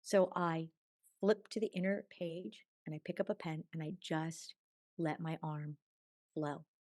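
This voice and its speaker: A woman guest telling a personal spiritual story in long, tumbling sentences, swinging from hushed murmurs to bright exclamations. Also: low-pitched, flat delivery, a little slow, dry recording, studio quality. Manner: chatty, tumbling run-on sentences. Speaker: podcast guest.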